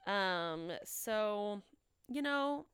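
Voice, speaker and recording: Lively sarcastic woman podcast host. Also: mid-range voice, drawn-out words, clear, resonant tone, no room sound, clean studio sound. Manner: playful, sarcastic, laughs often. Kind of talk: casual movie recap chat.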